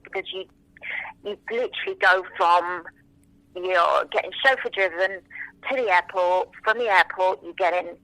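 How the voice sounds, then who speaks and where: Bright, animated woman with a French mother tongue. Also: fairly low pitch, normal speed, no room sound, low-quality recording. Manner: animated, enthusiastic, acts out quotes. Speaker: interview guest, singer. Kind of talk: casual interview storytelling.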